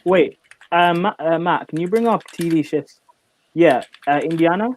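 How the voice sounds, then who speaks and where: A woman's voice: lowish voice, normal speed, a little mellow. A woman on a video call who presses others with repeated questions. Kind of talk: casual chat on a video call.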